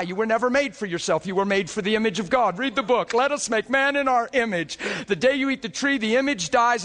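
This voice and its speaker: A male preacher with a high, slightly bright voice pours out an impassioned sermon to a church congregation. He fires rhetorical questions that climb to emphatic peaks, his voice ringing with long reverb through the hall.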